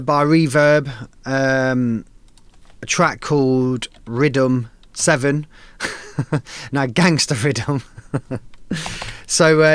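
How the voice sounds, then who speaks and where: A man's voice: a little high, smooth, no room sound. A man casually hosting a live stream, giving laid-back, enthusiastic feedback on music tracks with plenty of slang.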